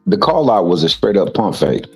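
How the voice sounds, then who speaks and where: A man with a low voice argues his points about boxing in a loose, emphatic way, often stumbling over and repeating words. Faint music sits under the talk. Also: sing-song, moderate pace, low-quality recording. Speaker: co-host. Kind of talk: casual boxing chat.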